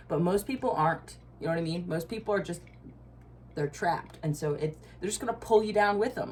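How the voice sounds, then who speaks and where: A woman's voice: lowish voice, brisk, a little hiss or hum. A woman giving a casual tarot reading, blunt and profane, with frequent asides and laughs. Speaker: tarot reader.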